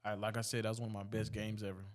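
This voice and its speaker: Young man, late teens, slightly deep voice, relaxed, lots of fillers and restarts, casual storytelling. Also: racing. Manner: laid-back, frequent fillers and restarts. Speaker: high school student.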